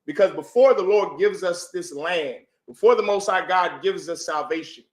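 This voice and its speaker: With a high-pitched voice at a moderate pace, a man teaches a religious class to an audience, pressing them with repeated rhetorical questions and calling on them for answers. The room has an echo.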